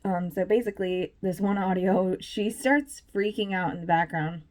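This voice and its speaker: A woman's voice: medium pitch, normal speed, a little mellow. A woman vlogger giving casual, chatty commentary, full of fillers and little laughs.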